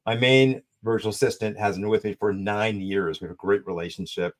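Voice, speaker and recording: A man's voice: on the low side, fairly even intonation, fairly quick. A man hosting a podcast interview, cheering his guest on and asking long, rambling questions. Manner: enthusiastic, affirming, rambling questions. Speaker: podcast host.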